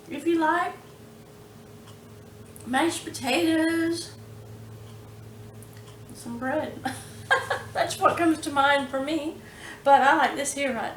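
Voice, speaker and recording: A woman's voice: sits high, roomy sound, slight background noise. A woman hosting a home cooking vlog, chatting in a homey, chatty way with frequent laughs. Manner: warm, chatty, slow and homey, laughs often. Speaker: cooking channel host. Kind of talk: casual cooking vlog chat. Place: home kitchen.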